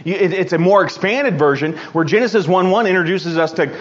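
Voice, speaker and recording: A man's voice: sits high, a little fast, dull audio. A man preaching a sermon in an earnest, emphatic way, often repeating and restarting words.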